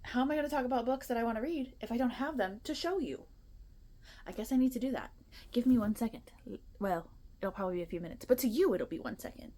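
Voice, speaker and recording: This woman, a booktuber in her 20s, speaks quickly in a mellow, high-sitting voice. She's at her apartment, chatting loosely to her phone camera, a bit nervous and prone to rambling.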